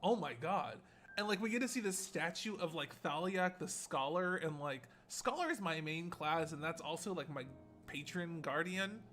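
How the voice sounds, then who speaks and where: A young man streaming a game, excitably chatting and laughing often as he gushes over cutscenes. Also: on the high side, normal speed, faint music behind. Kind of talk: casual gameplay commentary.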